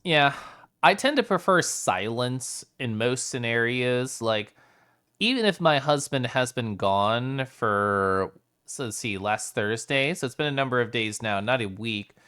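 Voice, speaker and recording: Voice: mid-range voice, lively intonation, unhurried, fairly bright tone, smooth. A streamer chatting casually with live chat, playful, reading messages aloud and often rolling R's and making vocal sounds.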